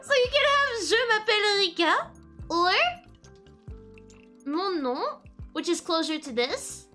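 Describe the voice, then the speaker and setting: Giggly, playful female streamer with French as her native tongue, very high and lively, runs a casual lesson. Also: normal speed, soft background music. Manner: giggly, playful, easily distracted.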